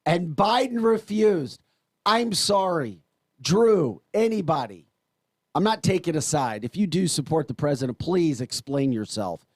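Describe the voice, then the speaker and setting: A man's voice: on the high side, a little slow, no echo, clean studio sound. A man with an American accent hosting a morning talk radio show, ranting in an emphatic, exasperated way. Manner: exasperated, emphatic, animated rants.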